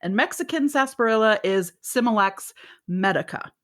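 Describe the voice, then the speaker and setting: A woman co-hosting a podcast in casual chat, rambling and giggly, with a fairly deep voice and free swearing. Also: expressive, normal speed, a bit bright. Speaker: podcast co-host.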